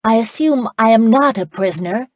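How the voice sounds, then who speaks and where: A woman narrator voicing a spirited young American woman who speaks boldly and indignantly, higher and louder than her narration. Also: moderate pace, slightly rough, dry recording, clean studio sound, close to an everyday voice. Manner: bold and indignant.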